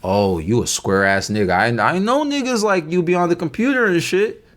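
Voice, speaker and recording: A man's voice: deep voice, a little fast, a bit bright. A man voicing a brash young man who rambles and boasts in street slang.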